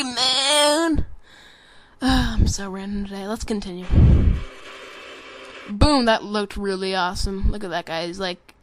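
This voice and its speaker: A person giving casual, rambling commentary over a game trailer, joking and swearing, with constant fillers and restarts. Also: female voice, medium pitch, fairly bright tone. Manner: rambling and jokey, with frequent swearing; self-interrupting, with many fillers and restarts.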